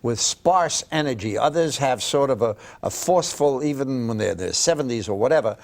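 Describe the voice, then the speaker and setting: A man's voice: medium pitch, animated, a little fast, gravelly. A man interviewing a guest and asking follow-up questions in a conversational way. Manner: asks probing follow-up questions.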